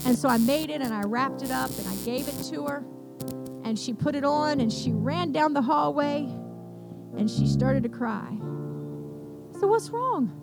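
A woman's voice: sits high, normal speed, vocal fry, long pauses. An older woman preaching a sermon, telling stories with passion and acting out the quoted lines. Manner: impassioned, storytelling with acted quotes. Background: piano music.

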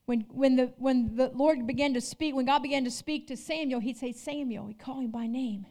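A woman pastor delivers a sermon in a high voice. She calls out to her congregation and moves between loud, fervent declarations and hushed, intimate storytelling. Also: steady tone, brisk. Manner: preaching with call-outs, rising and dropping intensity.

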